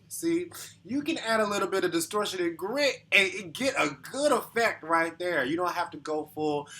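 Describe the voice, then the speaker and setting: A man's voice: on the high side, pushed and bright, slight background noise. A man talking as a vocal coach in casual reaction commentary, explaining thoughtfully with lots of hedging and sometimes singing short demos.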